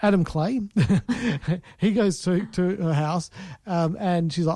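Halting, rambling man with a high voice. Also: a little mellow, no room sound. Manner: rambling, halting with many restarts and fillers. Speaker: podcast co-host. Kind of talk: casual film review chat.

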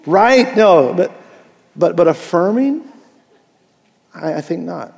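A man preaching a Father's Day sermon as pastor, animated and jokey, swinging from loud to soft. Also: high-pitched, slow pace, gravelly, long reverb tail.

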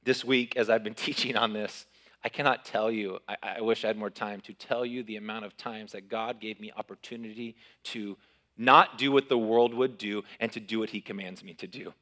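A pastor preaching a sermon in an animated, conversational way, often repeating his words. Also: lowish voice, moderate pace. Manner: animated, repeats words, uses sports analogies.

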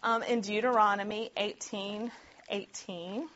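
Woman Bible-study teacher, mid-pitched, chatty with frequent laughs, slightly muffled recording. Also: steady tone, measured pace, a bit bright. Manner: chatty and conversational, often laughing, with many "like" and "right?" asides. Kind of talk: casual Bible teaching to a group.

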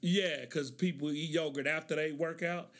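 A man's voice: a little high, steady tone, moderate pace. A middle-aged man hosting a casual monologue, telling stories in a laid-back way, laughing often and acting out the lines of the people in them. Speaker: podcast host.

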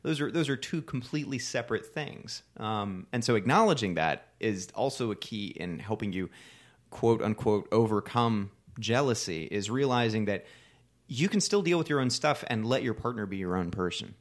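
A man's voice: lowish voice, animated, normal speed. Frank man explaining on a podcast. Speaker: co-host, life coach. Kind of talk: casual podcast chat.

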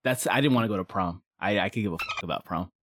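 A man's voice: deep voice, fast, fairly bright tone, a little hiss or hum. A young adult man in a casual podcast chat, talking in a laid-back, rambling, self-deprecating way with lots of fillers.

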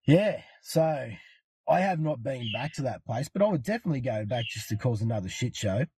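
Husky Australian man telling a story. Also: mid-range voice, lively intonation, fairly quick, darkish tone, dry recording. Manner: profane, rambling, laid-back. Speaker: podcast guest. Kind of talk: casual storytelling.

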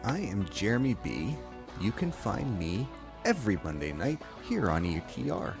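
Casting: male podcast co-host, very deep voice with wide swings, rambling thanks, music clearly behind. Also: sing-song, moderate pace. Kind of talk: casual group chat sign-off.

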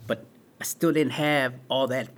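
A man's voice: mid-range voice, steady tone, measured pace. A man in his forties, a guest in an interview, telling his life story in an earnest way and often saying "man" and "right". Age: 40s.

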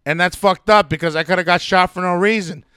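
A man's voice: high voice, steady tone, fairly quick, bright, forceful tone, clear, resonant tone, no echo, clean studio sound. A young man telling a personal story in a heated, profane, ranting way. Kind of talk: casual storytelling.

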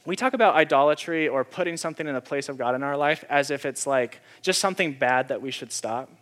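A man's voice: medium pitch, a bit bright. Man preaching in casual, emphatic bursts. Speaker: pastor. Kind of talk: conversational sermon.

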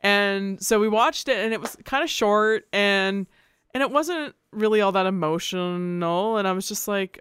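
A woman hosting a podcast, chatting casually and retelling stories with plenty of "like" and quick restarts. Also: medium pitch, smooth, dry recording. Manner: chatty, lots of "like", lively retelling. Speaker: podcast host.

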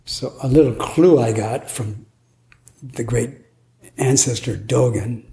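A man's voice: medium pitch, slow, vocal fry, mellow. A man giving a Zen dharma talk at a retreat, musing aloud in a playful way and laughing now and then. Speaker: Zen teacher. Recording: echoey room, faint noise.

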